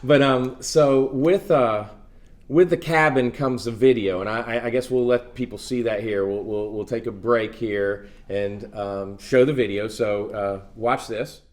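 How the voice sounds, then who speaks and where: A man hosting a casual chat show from a hotel suite, halting with many fillers and restarts. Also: mid-range voice, a little mellow. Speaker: host.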